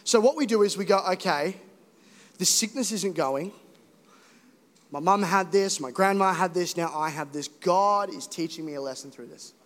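A young man preaching an animated, joking sermon to a Sunday congregation. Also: sits high, moderate pace. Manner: animated, joking, rising to emphatic exhortation. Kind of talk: energetic sermon. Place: church hall. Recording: echoey hall reverb.

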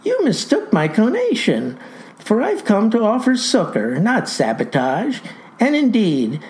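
A woman's voice: fairly low pitch, a little mellow, low-quality recording. A woman voicing a folksy old male farmer who tells a comic first-person story in ornate, pompous words with a folksy drawl.

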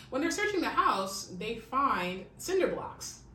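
A woman's voice: high-pitched, big pitch swings, moderate pace, hardly any pauses, pushed and bright. A woman hosting a podcast, telling a true-crime story in a chatty way, full of "like" and "okay?". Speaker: podcast host. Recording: echoey room, distant mic, faint hiss.

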